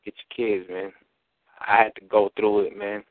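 A man's voice: on the low side, level tone, normal speed, dry recording. A father on a podcast earnestly advising listeners, often tagging his lines with "man" and "you feel me.". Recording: dry, phone-like band.

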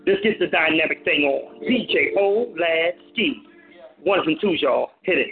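Animated DJ hosting over a tinny phone line. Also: male voice, on the high side, a little slow. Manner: animated, playful, hypes callers and listeners. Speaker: radio show host and DJ. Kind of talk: casual call-in radio show talk. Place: home studio on a phone-in internet radio show.

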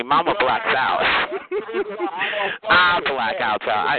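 A man on a phone chat line, talking in a sassy, condescending way and calling the other caller baby and honey. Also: fairly high pitch. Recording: tinny phone line with loud crowd.

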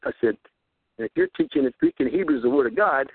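A man's voice: huge pitch swings, fast, husky, no echo. Fervent man preaching on tinny radio. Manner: fervent, repetitive, rising to high pitch on rhetorical questions. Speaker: radio host. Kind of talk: rambling preaching monologue. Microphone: handheld recorder. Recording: tinny phone-like radio audio.

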